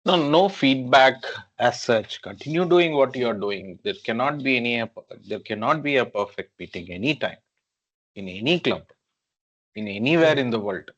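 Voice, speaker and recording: A man who is a guest at an online club meeting, giving calm, encouraging feedback in short sentences. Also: medium pitch, moderate pace. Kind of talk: casual online meeting talk. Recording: dull lo-fi call audio.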